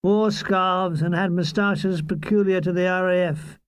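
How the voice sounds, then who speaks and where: A man's voice: high voice, fairly even intonation, a little slow, clean tone, no room sound. A man narrating a comic wartime memoir in a dry, wry storytelling manner. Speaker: audiobook reader.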